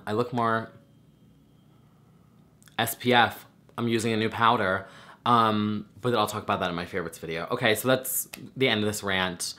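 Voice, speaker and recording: A man's voice: lowish voice, sharp tone. A man talking casually to camera in a chatty reaction rant, swearing freely with lots of fillers. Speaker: vlogger.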